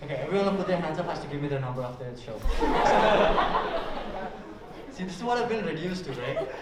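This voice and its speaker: A young man starting a stand-up set and working the crowd briskly. His voice is a bit high and comes from far off in an echoey hall. Loud crowd noise sits behind him. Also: big pitch swings. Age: young adult. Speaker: stand-up comedian. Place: stage at a college comedy showcase.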